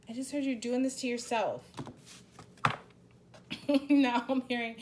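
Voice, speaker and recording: A woman's voice: a little high, measured pace, a little mellow, a little hiss or hum. A woman doing a casual spoken tarot reading. She talks bluntly, swears freely and rambles with many restarts. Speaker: tarot reader.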